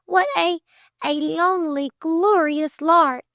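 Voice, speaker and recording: A woman voicing a spirited, playful young woman with a clear soprano voice and an excited, coy way of talking. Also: high-pitched, slow pace, dry recording, studio quality, pitched above the performer's own voice, heavily acted.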